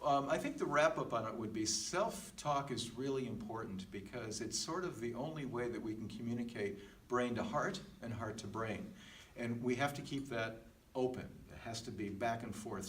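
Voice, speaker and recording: A man co-hosting a podcast who chats casually, affirms his partner and laughs easily. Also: mid-range voice. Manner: encouraging, quick to laugh and affirm. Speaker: podcast co-host. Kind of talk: casual chat. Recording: roomy, distant mic, faint background hiss.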